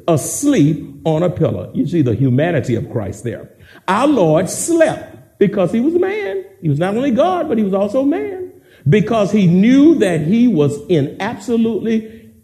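Male pastor, high and lively, slow dramatic sermon, roomy church sound. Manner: dramatic, repetitive call-and-response preaching.

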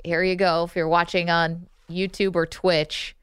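A woman on a studio mic with a smooth, clear voice, teasing her co-host between frequent laughs. She speaks at an unhurried pace. The sound is dry and close. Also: fairly low pitch, flat delivery, fairly bright tone, no room sound. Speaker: sports radio co-host. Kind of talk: casual radio banter. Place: radio studio.

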